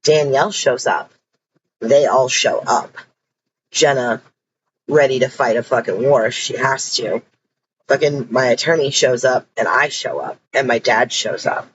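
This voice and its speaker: A woman's voice: rumbling low, measured pace, dull audio, slight background noise. A woman telling her own story in a casual, blunt and emphatic way, swearing freely.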